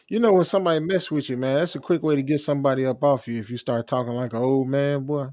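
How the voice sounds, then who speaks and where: A man's voice: medium pitch, fairly even intonation, fast, hardly any pauses, dark tone, dry recording. Easygoing man with loose slang, speaking in a dead-dry room. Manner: laid-back slangy talk. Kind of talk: casual chat.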